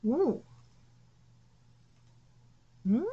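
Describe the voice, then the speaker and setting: A woman streaming a casual live reaction to a comic, excitable and profane, trailing off into fillers. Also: drawn-out words, phone-quality sound.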